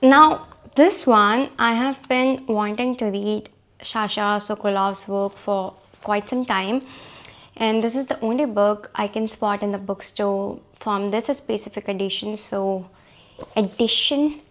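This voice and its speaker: A woman vlogging casually about her books, her voice hoarse from a cold, chatty and self-deprecating. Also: mid-range voice, steady tone, slow pace, fairly bright tone. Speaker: book vlogger.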